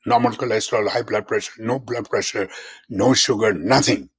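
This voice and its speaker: A husky, fairly low-pitched man in his seventies speaks at normal speed. He's a physician appearing as a guest in a conversational interview, explaining things earnestly and repeating key terms.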